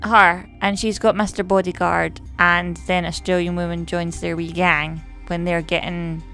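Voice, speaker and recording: A woman's voice: lowish voice, little pitch movement, unhurried, bright, forceful tone, faint music behind. Playful woman, casual chat. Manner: playful, teasing, laughs often. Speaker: podcast co-host. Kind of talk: casual chat reviewing a TV series.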